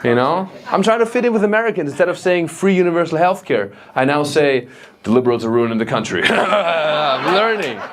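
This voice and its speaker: A man's voice: on the high side, big pitch swings, brisk. A man from Germany with a German accent, doing stand-up crowd work in a comedy club and teasing the audience with frequent laughs. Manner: teasing, laughing between lines.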